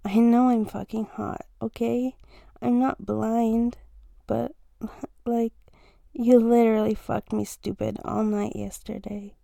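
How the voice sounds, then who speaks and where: A young woman talks to her partner in a casual romantic role-play, teasing and playful, swearing easily and laughing often. Her voice sits slightly high, with a gravelly fry and a warm, mellow tone, and she takes her time. The sound is dry and close, with no room around it. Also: level tone, takes it slowly, dry recording. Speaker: fiancée in a listener role-play.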